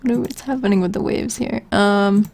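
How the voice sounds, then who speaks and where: A woman talking slowly in a gravelly, creaky voice, half to herself and half to her viewers. She thinks aloud through her work in a loose, unscripted way, answering questions from her chat as they come. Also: mid-range voice, fairly even intonation, a little mellow. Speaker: voicebank creator streaming. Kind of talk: casual live-stream chat, thinking aloud.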